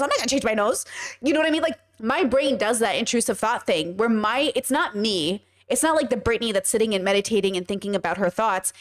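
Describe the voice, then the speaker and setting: A woman hosting a casual commentary stream, blunt and emphatic and swearing freely. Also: fairly high pitch. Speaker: podcast host.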